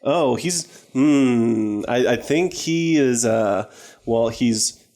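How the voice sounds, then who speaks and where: A woman's voice: extremely low pitch, extremely slow, mellow. A woman playing a noblewoman in a tabletop game, talking in a hesitant, playful, dreamy way. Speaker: player. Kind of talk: in-character tabletop role-play. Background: music.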